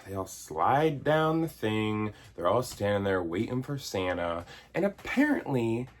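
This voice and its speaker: With a lowish voice that's very animated yet unhurried, a video essayist in his thirties tears into a film. His comedic review is a sarcastic, exasperated rant peppered with casual swearing.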